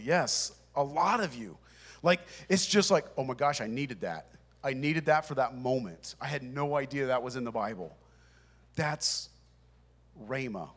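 Pastor guy preaching to his church, chatty and emphatic, voice a bit on the high side. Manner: conversational, emphatic, talks to the congregation. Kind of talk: sermon. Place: church with congregation.

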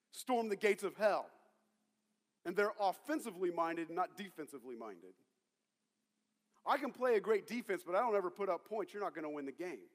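A man preaching a sermon as pastor, rallying the congregation and calling on them to shout back. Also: high voice. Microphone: handheld or stage mic. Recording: long reverb of a large hall.

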